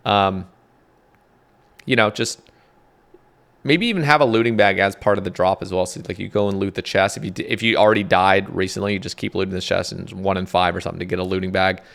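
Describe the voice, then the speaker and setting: A young man rambling casually about game updates, excitable, swearing often, reading notes aloud. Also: sits low, a little fast, gravelly. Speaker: gaming content creator.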